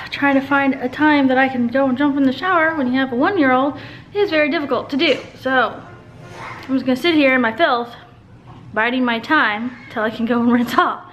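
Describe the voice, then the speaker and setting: A woman's voice: high-pitched, normal speed, lo-fi sound, a little hiss or hum. A young woman vlogging in a casual, rambling chat to the camera, filling her talk with "like". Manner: chatty, rambling, fills with "like". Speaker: family vlogger.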